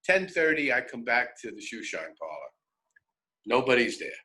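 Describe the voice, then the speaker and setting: An older man in his seventies with a New York accent, telling personal stories on the radio in an animated, wry, conversational way. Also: medium pitch, moderate pace, low-quality recording. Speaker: radio host. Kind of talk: personal storytelling.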